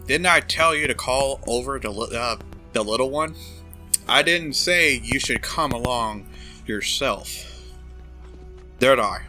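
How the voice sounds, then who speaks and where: A man's voice: mid-range voice, animated, a little slow, pauses often, pushed and bright, faint music behind. Man doing a crude gluttonous boss. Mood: bossy. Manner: crude, boastful, smacking over cake. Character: gluttonous arrogant male corporate boss. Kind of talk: comedic fan dub of a game.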